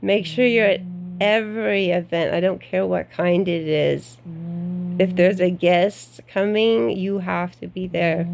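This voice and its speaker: A woman's voice: on the low side, fairly even intonation, unhurried, gravelly, darkish tone. A middle-aged woman giving blunt career advice in a vlog, outspoken and frank, with laughing asides. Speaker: golf club membership adviser.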